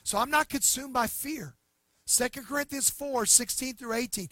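A male pastor preaching in a very high, bright, ringing voice. He drives points home loudly, then drops to a hushed near-whisper for the solemn lines, in a dry, close sound. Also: moderate pace, no room sound. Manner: emphatic preaching, swinging from loud to hushed. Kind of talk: sermon.

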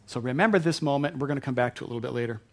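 A man's voice: medium pitch, racing. A man preaching a sermon, retelling a Bible story in a conversational way with asides to the congregation. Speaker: pastor.

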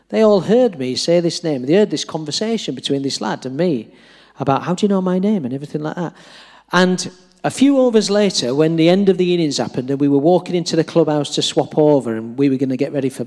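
A middle-aged man delivers a storytelling sermon, animatedly acting out the dialogue with self-deprecating humour. His voice is a little high with a darkish tone, and the long reverb of a large hall surrounds it.

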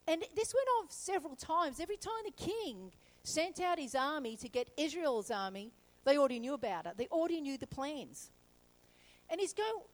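A woman pastor preaching a sermon, telling a story lively and acting out the characters. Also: high voice, normal speed, rough recording.

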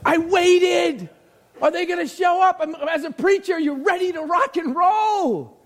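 An energetic man preaching in a church with a very high voice. He jokes, asks the congregation questions, and shouts his points for emphasis. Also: moderate pace. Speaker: pastor. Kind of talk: sermon.

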